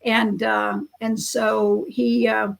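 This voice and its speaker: A woman telling family stories in a relaxed chat, animated and acting out the people she quotes. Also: a little high, extremely slow, gravelly. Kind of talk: casual storytelling.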